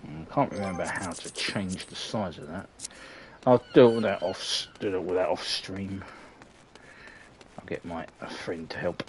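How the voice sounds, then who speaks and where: Low-voiced man muttering over gameplay. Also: measured pace, a little hiss or hum. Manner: mutters asides to himself, casual and wry. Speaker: game streamer. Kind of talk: casual gameplay commentary.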